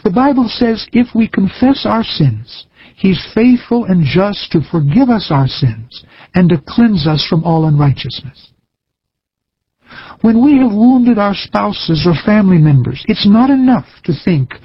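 A man preaching a recorded sermon in an earnest, measured way, with folksy stories. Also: sits high, expressive, slightly rough, no room sound, dull audio.

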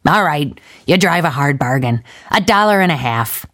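A woman's voice: low voice, lively intonation, moderate pace, a bit bright. A woman voicing a shrewd, toothless old woman who sells children, speaking in a sing-song way. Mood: callous.

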